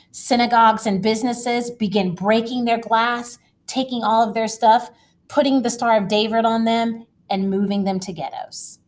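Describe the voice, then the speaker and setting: A woman teacher giving a recorded history lecture, lively and dramatic, speaking straight to her students. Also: a little high.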